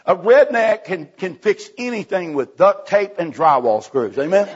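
A man preaching a sermon in a folksy, punchy way, with sudden loud bursts. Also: high-pitched, expressive, a little slow, few pauses, husky. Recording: dull lo-fi sound.

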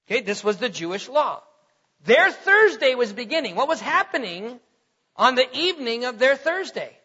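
High bright preacher, husky, lo-fi. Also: male voice, big pitch swings, normal speed. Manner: conversational, checks in often with the listeners. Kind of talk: teaching sermon. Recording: dull lo-fi recording.

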